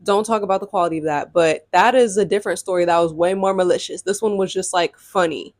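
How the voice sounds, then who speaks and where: A woman's voice: fairly low pitch, fast, no echo, clean studio sound. A young adult woman telling a casual storytime vlog, chatty and loose, filling her talk with like and often calling the audience y'all. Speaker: YouTube storyteller.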